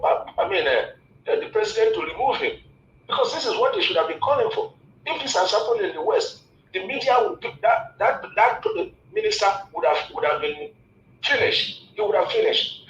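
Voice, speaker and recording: A man with a high-pitched voice rants with exasperation, repeating himself for emphasis. He is calling in by phone, and the line sounds echoey with a faint hiss behind him. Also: lo-fi sound. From Nigeria. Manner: impassioned, repetitive, exasperated. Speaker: caller. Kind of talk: call-in commentary.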